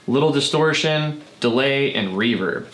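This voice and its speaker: A man hosting his own music gear channel, walking through a guitar pedal demo in a relaxed, chatty way with some fillers. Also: mid-range voice, measured pace, echoey room, very noisy. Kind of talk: casual gear demo walkthrough. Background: guitar effects playing between lines.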